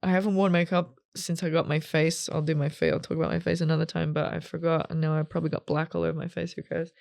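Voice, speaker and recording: A woman's voice: sits low, level tone, quick pace, gravelly, a little mellow. A woman hosting a solo podcast from a green room, telling a personal story in a candid, rambling, emotional way with many fillers. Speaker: podcast host.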